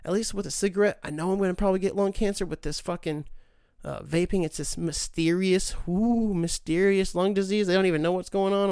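Profane ranting young man, smooth voice. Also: sits high, a little fast, dry recording, studio quality. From United States. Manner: profane, animated ranting with sarcastic mock voices. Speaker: podcast host. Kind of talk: casual solo rant.

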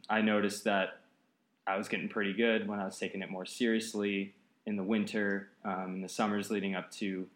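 A podcast guest in his late twenties from the Seattle area, United States, talks in an easygoing, rambling way full of fillers during a casual interview. His voice is on the low side and a bit bright, recorded in an echoey apartment room.

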